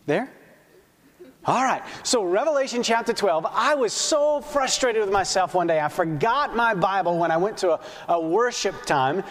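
A man's voice: sits high, moderate pace, big-room sound. A male pastor giving a sermon, asking the audience questions and telling stories with energy. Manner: questions the audience, animated storytelling.

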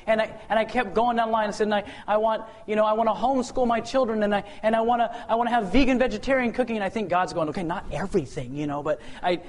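A man sharing a personal testimony as an animated story, acting out the dialogue and often repeating words as he restarts. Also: high voice. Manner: acts out the dialogue, voice swings from loud to hushed.

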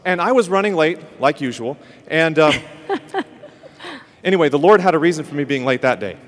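Brief: high-voiced male host, animated storyteller, long hall reverb. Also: normal speed. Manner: animated storyteller acting out quotes. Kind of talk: storytelling in a ministry talk.

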